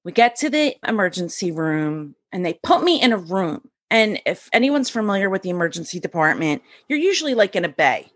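A middle-aged woman from the US East Coast, a podcast guest telling a personal story in a sassy, high-strung, energetic way, acting out quoted lines with big pitch jumps. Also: fairly quick, few pauses, dry recording, studio quality.

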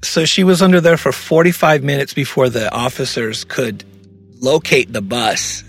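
A man hosting a casual podcast, reading out story details and reacting in animated chat. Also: mid-range voice, normal speed, gravelly, breathy edge, faint music behind. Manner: reads out news details, animated. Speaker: podcast host.

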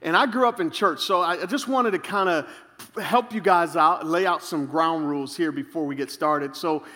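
High bright-voiced preacher guy, jokey storytelling sermon, lots of hall reverb. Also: moderate pace. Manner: humorous storytelling, animated. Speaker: pastor.

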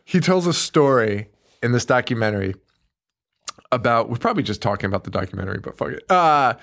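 A man's voice: mid-range voice, lively intonation, brisk, vocal fry, a bit bright. A young man co-hosting a casual horror film podcast, rambling and swearing, often laughing. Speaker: podcast co-host. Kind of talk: casual chat about horror films.

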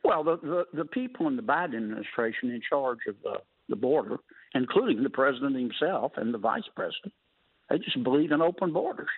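A man's voice: mid-range voice, lively intonation, fairly quick, creaky, husky, no room sound. A man, a senator guesting on a talk radio show, talking in a folksy, wry way with colorful sayings. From Louisiana. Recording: phone-line call-in.

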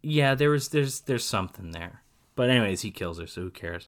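A man co-hosting a casual film podcast, rambling through his points with frequent laughs and animated asides. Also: fairly low pitch, brisk. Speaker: podcast co-host.

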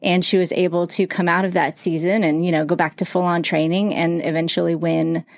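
A woman hosts a podcast interview in a chatty, affirming way, leaning on fillers as she thinks aloud. Her voice sits slightly low. The sound is dry and close. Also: flat delivery, a little fast, no room sound. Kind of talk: casual interview chat.

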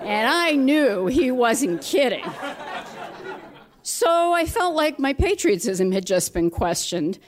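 A woman tells a true personal story live in a small venue. She talks in a lively, expressive way, and the audience laughs now and then. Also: high voice, slow pace, crowd noise.

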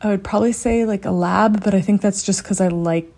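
A woman's voice: medium pitch, fairly even intonation, a little fast, a little mellow. A woman co-hosting a podcast, giving breezy, short answers in casual chat. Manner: breezy, brief answers with laughs. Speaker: podcast co-host.

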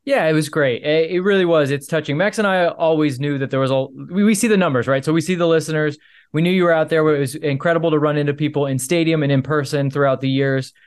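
Man, podcast co-host, somewhat high voice, playful teasing, chatty, restarts often. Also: quick pace, clean tone. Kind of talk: casual sports podcast chat.

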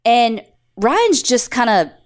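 A woman's voice: on the high side, very animated, slow. A woman co-hosting a podcast, telling a story in a casual, chatty way, swearing freely and acting out the quotes. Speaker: podcast co-host.

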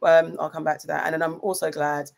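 A woman's voice: low voice, little pitch movement, quick pace, vocal fry. A young woman co-hosting a podcast, chatty and rambling with many ums, just over an illness. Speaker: podcast co-host. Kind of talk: casual chat.

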